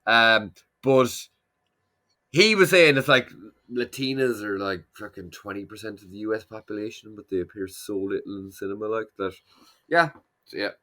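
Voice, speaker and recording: A man's voice: on the low side, normal speed, bright, forceful tone. A man co-hosting a casual podcast chat, rambling and swearing freely as he restarts his sentences. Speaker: podcast co-host.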